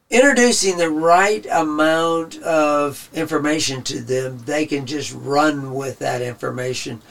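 A man with a gravelly, creaky voice gives a loose, conversational Bible teaching that wanders from point to point. His voice sounds a bit worn, as if he is losing it. He sits back from the microphone, so he sounds distant. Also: mid-range voice, fairly bright tone. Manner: rambling, conversational.

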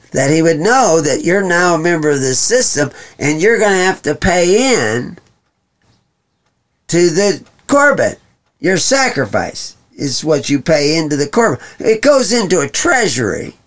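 A man hosting a program, giving a rambling monologue that mixes scripture with money talk, sarcastic with folksy asides. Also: on the high side. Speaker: program host. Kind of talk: monologue commentary on scripture and economics.

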